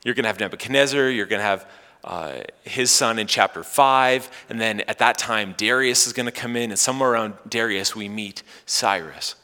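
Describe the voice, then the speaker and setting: A man preaching a Sunday sermon as pastor, animated, with playful asides to his congregation. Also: lowish voice, moderate pace, long reverb tail.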